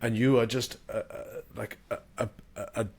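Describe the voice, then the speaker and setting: A man's voice: medium pitch, level tone, normal speed, vocal fry, a little mellow, slightly rough. A man from South Africa, a podcast guest talking in a reflective, casual way and using vivid imagery.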